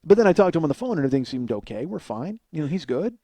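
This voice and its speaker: A man's voice: on the high side, big pitch swings, rapid-fire, warm tone, no room sound. A man in his forties hosting a comedy podcast, telling self-deprecating stories in a rambling way full of fillers. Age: 40s. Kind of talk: casual comedic storytelling monologue.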